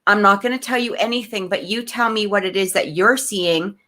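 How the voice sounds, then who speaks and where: A woman co-hosting a casual podcast chat tells a story with feeling, jumping back and forth in her sentences. She speaks at a middling pitch, hurries through some phrases and slows down on others. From Canada. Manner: animated, emotional, many restarts and fillers. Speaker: podcast co-host.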